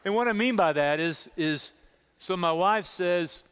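A middle-aged male pastor preaching a sermon, telling personal stories in an animated way and repeating words as he stresses them. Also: sits high, a little slow, long reverb tail, slight background noise. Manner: animated storytelling, repeats words when emphasizing.

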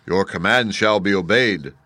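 A man's voice: lowish voice, a little slow, sharp tone, no echo. A man voicing the large male leader of a band of winged monkeys, speaking in a grave, formal way. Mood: solemn.

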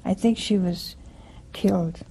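A woman's voice: mid-range voice, steady tone, a little slow, vocal fry, warm tone, husky, rough recording. A woman giving a conversational sermon in a homely way, often asking her listeners rhetorical questions. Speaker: preacher.

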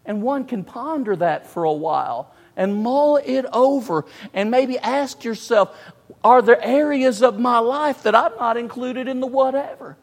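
A man's voice: high voice, expressive, measured pace. A man preaching a sermon, emphatic, repeating phrases and stressing words in turn. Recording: long hall reverb.

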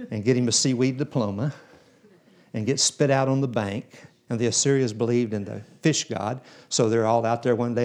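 A man's voice: medium pitch, a little mellow. A man preaching a sermon in a church, telling Bible stories in a folksy way and acting out the characters. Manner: folksy storytelling, acts out biblical characters.

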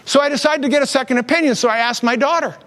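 In a church sermon told rapid-fire, a fifties-aged pastor with a high voice shares personal stories animatedly, imitating voices when quoting others. His words trail off into a long hall reverb.

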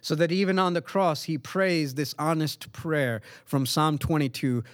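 A man preaching a sermon in an earnest, emphatic way, with dramatic pauses. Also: a little high, steady tone, no room sound, studio quality. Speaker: pastor.

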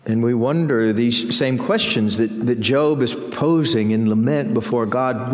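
A man's voice: a little slow, few pauses. A man preaching a sermon as senior pastor, earnest, his voice climbing when he voices lament. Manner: earnest, rising in pitch when voicing Job's laments. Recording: long reverb of a church hall.

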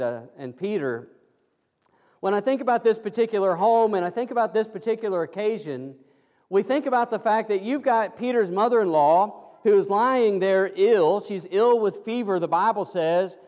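A male pastor preaching a sermon, slowing into emphatic, pleading phrases. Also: high voice, darkish tone, long reverb tail. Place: church sanctuary.

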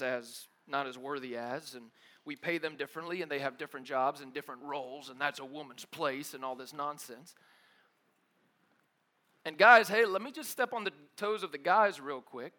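This is a young adult man giving a sermon, relaxed yet full of energy. He uses casual slang such as "dude" and "bro," shifting from loud bursts to soft asides.

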